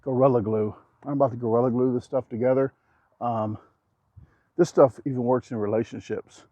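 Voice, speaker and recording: A man talking casually to camera while building outdoors, rambling and cracking jokes, keeping his naturally loud voice down. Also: mid-range voice, fairly even intonation, normal speed, no echo, lo-fi sound. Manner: joking, rambling, self-deprecating asides. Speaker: vlogger. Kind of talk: casual vlog talk to camera. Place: outdoors at a backyard building site. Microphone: action camera.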